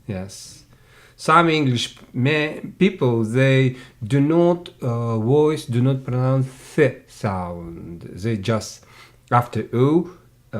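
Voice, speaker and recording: Male tutor, unhurried, patient, repeats words for drills, one-on-one lesson. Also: medium pitch, expressive. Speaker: English tutor.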